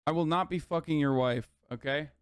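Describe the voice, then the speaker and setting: A man's voice: a little high, fairly quick, clear, resonant tone, no room sound. A man hosting a livestream in casual chat, ranting, mocking and swearing freely. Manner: reads viewer messages aloud. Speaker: streamer host.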